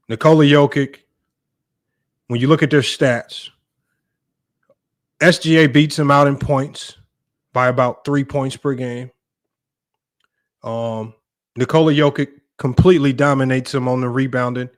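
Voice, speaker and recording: A man hosting a sports debate live stream, ranting in an exasperated, heated way to his viewers. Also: mid-range voice.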